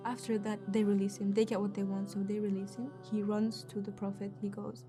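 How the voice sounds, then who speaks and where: A young woman answering interview questions, retelling a religious story in an earnest, halting way with frequent restarts. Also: mid-range voice, flat delivery. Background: music.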